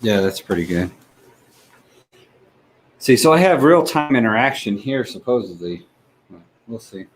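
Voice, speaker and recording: A man hosting a livestream, chatting casually and haltingly as he thinks aloud with frequent fillers. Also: mid-range voice, expressive, poor audio. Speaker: livestream host. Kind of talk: casual stream setup chat.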